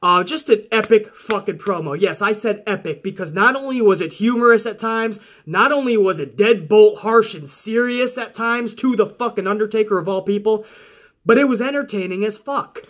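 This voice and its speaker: A man with a rather high voice talks through a wrestling show in a loose, casual recap. He swears freely and gets worked up as he goes, ranting with excitable energy. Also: moderate pace.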